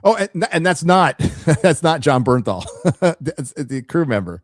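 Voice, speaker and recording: A man with a fairly high voice and wide pitch swings talks slowly to his livestream chat, offering blunt, opinionated takes and often stammering into restarts. The recording is clean studio sound with no echo.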